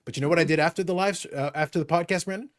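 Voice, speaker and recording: A man's voice: a little high, rapid-fire. A man hosting a casual live-stream chat, talking with emphatic, mock-outraged insistence. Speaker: podcast host.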